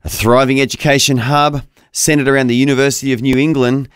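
Upbeat Australian man, smooth studio voice. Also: medium pitch, flat delivery, dry recording. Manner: upbeat, chatty, quick bursts. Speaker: radio co-host. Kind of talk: casual breakfast radio chat. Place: radio studio. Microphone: studio microphone.

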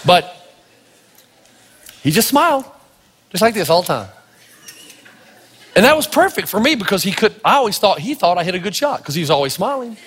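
A man from Tennessee preaching a sermon, telling stories with lively energy and acting out the voices of the people in them. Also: high-pitched, moderate pace, pauses often, slight background noise. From Tennessee, United States. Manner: animated storytelling, acting out voices. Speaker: pastor. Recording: reverberant hall.

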